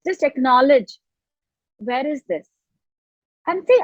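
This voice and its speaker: A woman coach speaks in a high, earnest voice and often circles back over her phrases. Her sound is dull and lo-fi, with a very dry, close quality. It feels like a remote interview line. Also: lively intonation, moderate pace, pauses often, no room sound. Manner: earnest, repeats phrases as she explains. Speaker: self-love coach, guest. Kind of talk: reflective coaching talk.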